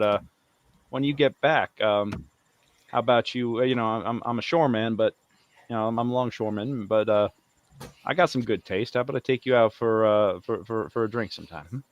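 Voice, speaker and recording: Man putting on a flirtatious smooth-talking dockhand. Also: lowish voice, lo-fi sound, close to an everyday voice. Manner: drawling, sweet-talking, calls her darling.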